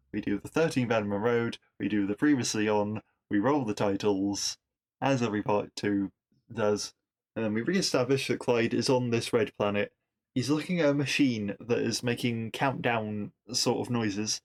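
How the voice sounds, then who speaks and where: A man hosting a podcast, recapping a TV episode in a chatty, enthusiastic solo talk with quick asides. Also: medium pitch.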